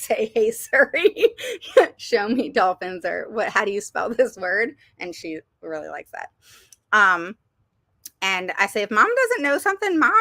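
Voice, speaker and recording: Chatty mom, bright and close. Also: female voice, lowish voice, no echo. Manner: chatty, rambling with many ums and laughs. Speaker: parent vlogger giving advice. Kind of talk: casual advice talk to viewers.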